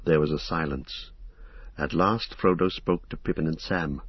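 A man narrating an audiobook in a steady, even storytelling manner. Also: extremely low pitch, normal speed, husky, dry recording, dull audio. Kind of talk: scripted narration.

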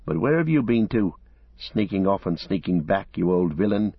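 Man playing a loyal blunt servant, homely plain talk, lowish husky voice, dry muffled read. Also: lively intonation, moderate pace, dry recording, heavily acted. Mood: gruff. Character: loyal, blunt male servant, stout-hearted. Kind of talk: audiobook character voice.

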